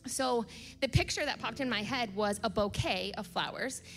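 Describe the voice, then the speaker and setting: A woman's voice: mid-range voice, moderate pace. A woman in her thirties telling stories in a church sermon, chatty and full of fillers, laughing as she acts out what people said. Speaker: church speaker. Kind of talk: sermon storytelling. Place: church auditorium. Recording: long hall reverb with soft music behind.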